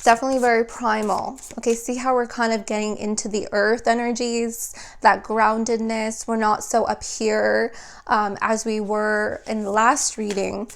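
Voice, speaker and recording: A woman's voice: on the high side, little pitch movement, moderate pace, vocal fry, slight background noise. A woman giving an unscripted tarot reading, meandering and reassuring, often checking in with the listener. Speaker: tarot reader.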